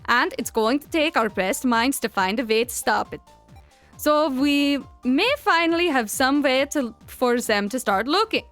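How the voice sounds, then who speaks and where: A formal official delivers a grave briefing in a put-on accent, as a woman voices him. The reading is slow and deliberate. The voice sits fairly high. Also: expressive, a bit bright, faint music behind.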